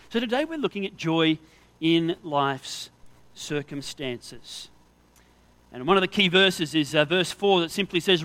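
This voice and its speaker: Bright-voiced man preaching a sermon. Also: fairly high pitch, moderate pace. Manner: earnest, conversational preaching with lists of scenarios. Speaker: pastor.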